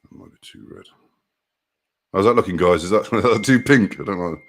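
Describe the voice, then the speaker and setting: A man's voice: lowish voice, expressive, brisk. A man who drives trucks, casually chatting on a live stream, reading out viewer comments, greeting people by name and laughing often.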